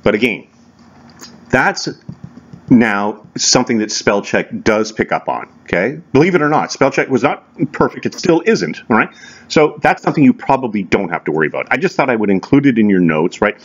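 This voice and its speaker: A man's voice: lowish voice, expressive, brisk, muffled recording. A man teaching a recorded English lecture in a casual, conversational way, often checking in with tag questions. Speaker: college English instructor.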